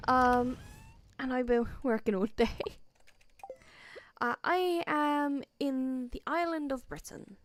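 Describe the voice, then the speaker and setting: This Welsh streamer's voice sits high, and she speaks slowly with long pauses. She chats casually with viewers during a farming game, teasing in-game items and giggling a lot.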